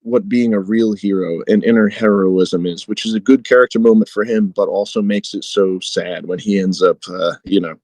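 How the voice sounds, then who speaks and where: A man with a lowish voice talks through a book in relaxed podcast chat, full of fillers and asides. He reads quoted passages aloud with a little dramatic lift. The sound is dry and close, with no room around it. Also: normal speed, hardly any pauses, no echo, low-quality recording. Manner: conversational, many fillers, reads quotes with light dramatic emphasis. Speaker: podcast co-host.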